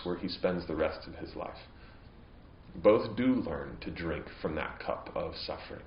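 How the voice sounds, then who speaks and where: In a church, a deep-voiced man delivers a sermon as pastor, speaking earnestly and growing impassioned and emphatic at points. The audio is lo-fi and roomy, with slight background noise.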